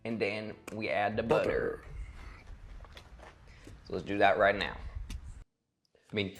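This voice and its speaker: A man's voice: fairly low pitch, unhurried, long pauses, fairly bright tone. A man hosting a comedic cooking vlog in his home kitchen, sarcastic and profane, with theatrical asides. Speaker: cooking vlogger. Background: faint music.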